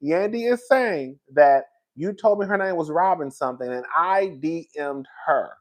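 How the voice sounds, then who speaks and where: Gossipy man, animated commentary. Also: on the high side, normal speed. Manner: animated and gossipy, laughing between lines, calls his viewers "girl". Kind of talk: reaction commentary.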